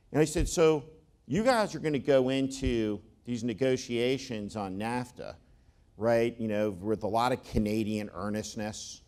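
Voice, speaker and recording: A man at a mid-range pitch tells wry, joking stories to an audience. He talks conversationally, restarting his sentences often as he goes. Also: darkish tone. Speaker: panel speaker. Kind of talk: conversational talk before an audience.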